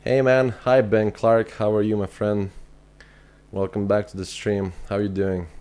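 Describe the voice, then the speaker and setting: A man's voice: fairly low pitch, flat delivery, normal speed, darkish tone, clean tone. Chatty Irish man streaming a game. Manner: chatty, thinks aloud with fillers and restarts; reads chat messages aloud and answers viewers. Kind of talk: casual live-stream chat.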